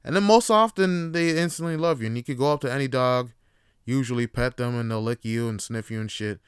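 Rambling man with a smooth voice. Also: mid-range voice, fairly quick, dry recording, studio quality. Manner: rambling, with lots of fillers and restarts. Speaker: podcast host. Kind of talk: casual solo podcast monologue.

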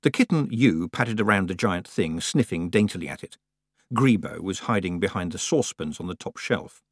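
A man narrating an audiobook in a lively, expressive storytelling manner. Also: deep voice, normal speed, no room sound, studio quality.

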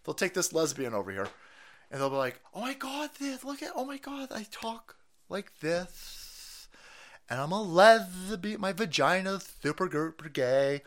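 A smug, self-righteous woman , mocked by a man, who speaks softly and in a mincing way. The voice sits lower and quieter than his usual talk, yet it stays bright and wavers a lot in pitch. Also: big pitch swings, a little slow, full character voice. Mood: mocking. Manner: soft, breathy, mincing mockery.

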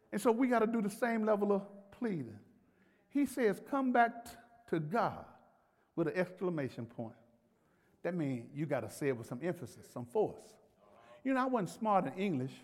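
A man's voice: high voice, darkish tone. A man preaching a sermon as pastor, in a folksy, conversational way with laughter and acted-out pleading. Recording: long hall reverb.

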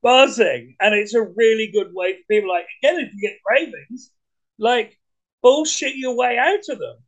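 High-voiced energetic British man. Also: moderate pace, rough recording. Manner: energetic, blunt, swears casually. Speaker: podcast guest. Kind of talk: casual conversation.

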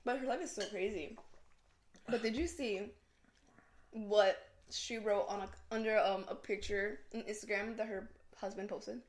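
A woman's voice: medium pitch, steady tone, moderate pace. A young woman co-hosting a podcast in casual chat, giggly and full of "like" and "you know.". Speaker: podcast co-host. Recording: roomy echo.

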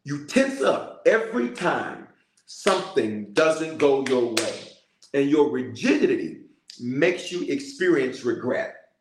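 Male preacher, animated storyteller, middle pitch, echoey room. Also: slow, slight background noise. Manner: storytelling, animated, calls out to listeners. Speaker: bishop. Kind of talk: sermon-style prayer message.

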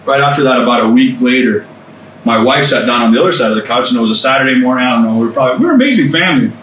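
Rapid-fire and animated, an American man with a medium-pitched, somewhat bright voice gives his testimony to a small group, preaching earnestly and conversationally with offhand asides. The mic is a bit far away, the room echoes, and faint ambient noise hums beneath him.

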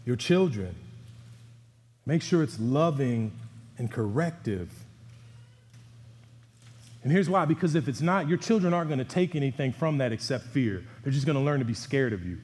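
A man's voice: mid-range voice, darkish tone. Male pastor, mid-range voice, earnest conversational sermon, church hall reverb. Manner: earnest and exhorting, with conversational asides. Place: church sanctuary.

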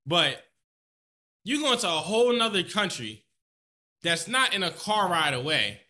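A man speaks in a bright, forward voice pitched a touch high. He holds forth in casual podcast banter, swearing and stacking emphatic repeats as he argues. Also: sing-song, unhurried. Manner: blunt, emphatic, profane, repeats himself for emphasis. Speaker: podcast co-host. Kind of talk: casual opinionated podcast chat.

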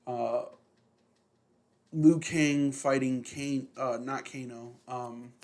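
A man's voice: mid-range voice, flat delivery, drawn-out words. Rambling man, swearing casually. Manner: rambling, heavy swearing, many fillers. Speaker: podcast co-host. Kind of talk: casual chat.

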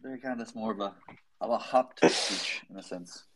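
A husky American man talking casually as a guest on a live audio chat. His voice sits fairly low, and he rambles with a lot of "like," laughing at his own jokes and poking fun at himself. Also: normal speed, fairly bright tone, rough recording. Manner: rambling, laughing, self-deprecating.

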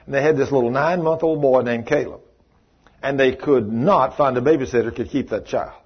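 A man preaching a sermon, telling a story in a folksy, animated way and acting out the voices in it. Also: medium pitch, brisk, husky. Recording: dull lo-fi sermon recording.

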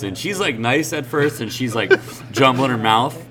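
A man's voice: medium pitch, lively intonation, normal speed, fairly bright tone, slight background noise. A man hosting a casual podcast, rambling, swearing freely and laughing as he tells a story. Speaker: podcast host.

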